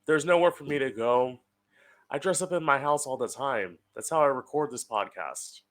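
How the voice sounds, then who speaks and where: A man's voice: mid-range voice, moderate pace, a bit bright. A young man hosting his own podcast from home, talking casually in a chatty, sardonic way and swearing freely. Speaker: podcast host. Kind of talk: casual solo podcast monologue.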